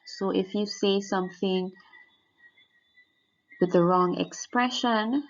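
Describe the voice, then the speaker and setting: A woman's voice: mid-range voice, takes it slowly. A woman teaching, walking students step by step through a French oral exam mark scheme and repeating the key points. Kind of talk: exam guide lesson. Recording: dull lo-fi sound.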